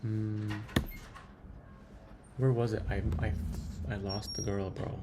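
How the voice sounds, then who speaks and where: A man's voice: on the low side, fairly even intonation, takes it slowly, background noise. A man muttering to himself in a casual vlog while trying out voices, saying "bro" a lot. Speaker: startup founder vlogger. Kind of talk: casual thinking-aloud vlog.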